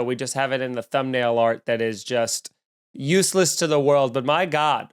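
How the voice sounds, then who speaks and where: A man with a Long Island accent hosts a comedy podcast from home with the windows open, launching into a snarky, sarcastic, rambling rant. His mid-range voice is smooth, with lively intonation and a moderate pace.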